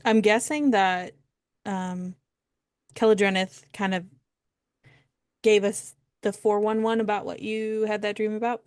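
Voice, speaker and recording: A woman playing a tabletop game, asking gentle, probing questions in character. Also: mid-range voice, fairly even intonation, a little slow, long pauses, smooth, no room sound, clean studio sound. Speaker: player.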